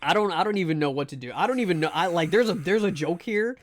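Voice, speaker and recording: A man's voice: high-pitched, animated, quick pace. Rambling, jokey male game streamer. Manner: rambling and jokey, stumbles over words. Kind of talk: casual live gameplay commentary.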